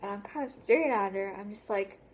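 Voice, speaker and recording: A woman's voice: mid-range voice, a little fast, slight background noise. A teenage girl chatting through a casual storytime vlog, rambling with lots of "like" and restarts. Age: teens. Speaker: vlogger.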